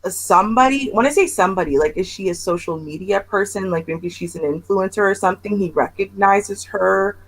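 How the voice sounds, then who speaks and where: A woman's voice: medium pitch, a little fast, hardly any pauses, low-quality recording. A woman hosting a casual reaction chat, talking emphatically and with disbelief. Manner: emphatic, incredulous commentary. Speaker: show host.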